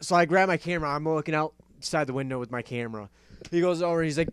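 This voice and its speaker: A young man hosting a casual talk show, telling a story in an animated way, laughing and swearing often. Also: a little high, quick pace, clean tone. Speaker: podcast host.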